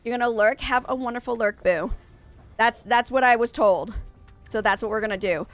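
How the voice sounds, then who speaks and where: Chatty young woman streamer, stuffy nose. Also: fairly high pitch. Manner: chatty, rambling, quick self-corrections. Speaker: game streamer. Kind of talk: casual live-stream chat.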